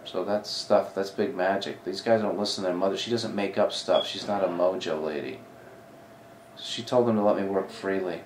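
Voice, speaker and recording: A man's voice: low voice, normal speed, slight background noise. A man in his forties, a comedy club talent coordinator, telling stories in a casual interview and acting out the voices of the people he quotes. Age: 40s. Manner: animated, acts out quoted dialogue. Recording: echoey room, mic at a distance.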